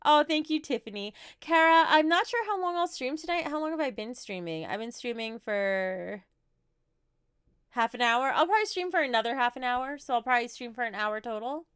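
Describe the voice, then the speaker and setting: A woman's voice: high voice, expressive, fairly quick, fairly bright tone, clear, resonant tone, no echo, clean studio sound. A woman in her thirties with a New Jersey accent, chatting casually on a livestream as she answers viewer questions with light laughs. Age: 30s.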